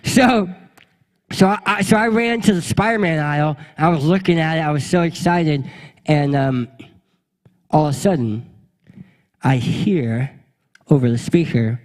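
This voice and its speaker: A young man preaching with a high, bright voice, telling a comic story and slipping into voices for its characters. His voice rings out with a long reverb, as if from a large hall. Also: a little slow, long pauses. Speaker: pastor. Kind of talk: storytelling sermon.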